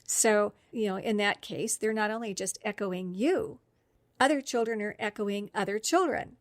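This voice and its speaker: This instructional podcast talk comes from a woman speech therapist explaining professional development topics in a friendly way, with the occasional laugh. She speaks at a normal speed in a mid-range voice, and the recording is dry.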